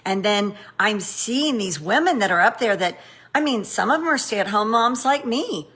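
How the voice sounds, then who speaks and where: A middle-aged woman with a bright, forceful voice gives an upbeat training talk. She is sassy and animated, exclaiming and addressing her listeners directly. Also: medium pitch, normal speed, slightly rough. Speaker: network marketing trainer.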